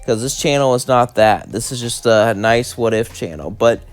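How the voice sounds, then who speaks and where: A man narrating a fan story in a loose, rambling way, full of fillers and restarts. His voice is mid-pitched and ordinary. Soft music plays faintly behind him. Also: expressive, moderate pace. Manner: rambling, casual, many fillers. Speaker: channel host and narrator.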